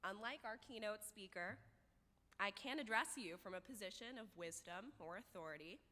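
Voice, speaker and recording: A woman's voice: mid-range voice, moderate pace, pushed and bright. A woman in her twenties, a graduating student, giving a humorous, self-deprecating speech at a podium in a large hall. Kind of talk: commencement speech. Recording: long hall reverb.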